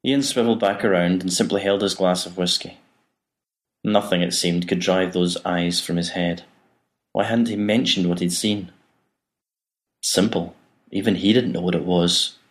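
A man narrating an audiobook in an even, measured reading. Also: low voice.

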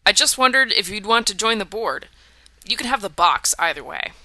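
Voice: mid-range voice, animated, fairly quick, pushed and bright, dry recording. A reader voicing an earnest, cryptic teenage boy. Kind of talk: audiobook character voice.

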